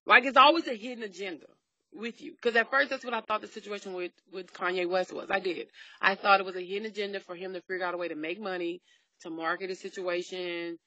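A woman's voice: medium pitch, fast talker, dry recording, dull audio. Middle-aged woman gossiping on a podcast, blunt and salty, dry close sound. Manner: blunt, profane, animated storytelling. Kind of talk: casual chat.

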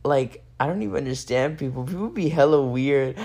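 An eighteen-year-old podcast host ranting late at night into a phone, rambling and cursing freely with constant "like" fillers, a little high. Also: brisk, mellow. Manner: rambling, profane, heavy use of "like". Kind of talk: casual late-night solo rant.

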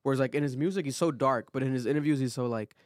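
A man co-hosting a podcast in casual chat, talking in an animated, opinionated way with lots of fillers. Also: mid-range voice, racing, no room sound, clean studio sound. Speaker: podcast co-host.

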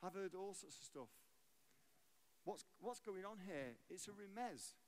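A man's voice: sits high, lively intonation, a little slow. A man giving a sermon as a guest preacher, conversational and joking, asking the audience questions.

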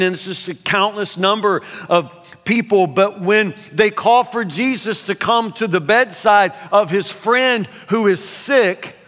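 Male pastor, fairly high and bright, preaching in a reverberant hall; loud bursts, then hushed asides. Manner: swings between loud emphasis and hushed asides, repeats words. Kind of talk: sermon. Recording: long reverb of a large hall.

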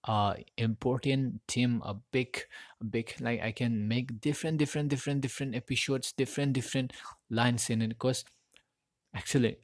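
A man's voice: mid-range voice, no echo. Fields: Man. Style: rambling solo podcast. Mic: dry, close. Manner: rambling, repeats words while searching for them. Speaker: podcast host. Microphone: USB mic plugged into a phone.

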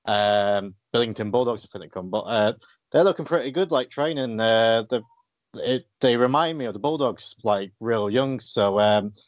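Man, low voice, casual interview host, dull dry recording. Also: normal speed, no echo. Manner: easygoing, frequent fillers.

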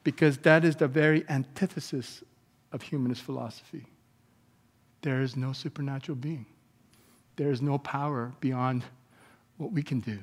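A man preaching a sermon as pastor, moving between calm teaching and loud, animated outbursts. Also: mid-range voice, normal speed, long pauses, husky, in a large hall. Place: church sanctuary.

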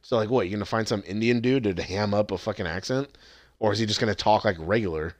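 A man's voice: fairly low pitch, fast, dry recording. A young man chatting casually and profanely, rambling with frequent restarts. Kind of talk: casual chat.

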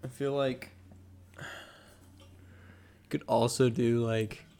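A man's voice: medium pitch, level tone, drawn-out words, mellow, clean tone. A man co-hosting a podcast in casual, rambling, joking chat full of fillers. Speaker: podcast co-host.

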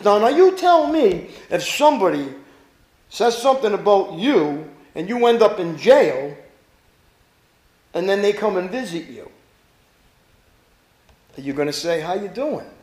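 Pastor guy preaching, real high voice that jumps all over, echoey room. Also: measured pace, pauses often. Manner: animated preaching, rhetorical questions to the congregation. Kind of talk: sermon.

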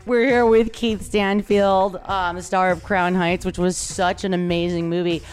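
A woman's voice: fairly low pitch, little pitch movement, measured pace, clear, resonant tone, soft background music. A woman hosting a podcast interview, chatting in a gushing, casual way with lots of "like". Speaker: podcast host.

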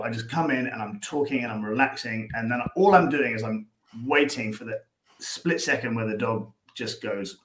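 A man's voice: medium pitch, a bit bright. Rambling Irish man in an echoey room. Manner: rambling, repeats words, acts out scenes. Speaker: guest, dog behaviour coach. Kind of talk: casual podcast chat.

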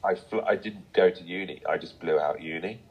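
A young Englishman with a London accent chatting casually on a live stream, rambling and relaxed with many restarts. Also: deep voice, brisk, breathy edge, muffled recording. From England, Sussex. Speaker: stream guest, musician. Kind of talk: casual chat.

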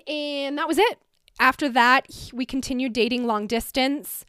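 Chatty woman with a high, dry voice. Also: moderate pace, pushed and bright, smooth, no room sound. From United States. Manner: chatty, emotional, heavy use of "like". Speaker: podcast host. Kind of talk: personal storytelling.

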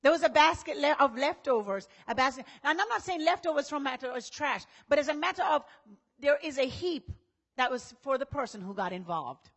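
A woman pastor delivers a sermon in a high, bright voice. She talks to the congregation like a conversation, slips into voices of everyday people, and climbs to loud, shouted passages. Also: expressive, a little fast, lo-fi sound. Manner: preaching, acts out what people say in conversational voices, rises to shouting.

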